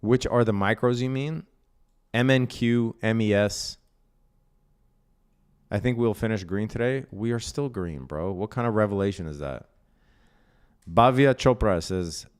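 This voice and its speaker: Blunt, casual man with a lowish voice. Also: animated, moderate pace. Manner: blunt, profane, keeps asking "right?"; reads out and answers viewer chat. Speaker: day trading streamer. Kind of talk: casual live-stream commentary.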